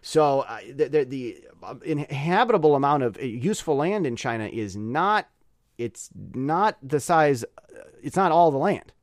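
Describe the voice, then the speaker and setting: A man's voice: mid-range voice, moderate pace, no echo, clean studio sound. A man giving casual spoken commentary to camera, opinionated and rambling, with frequent restarts and repeated words. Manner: opinionated, animated. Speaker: vlogger.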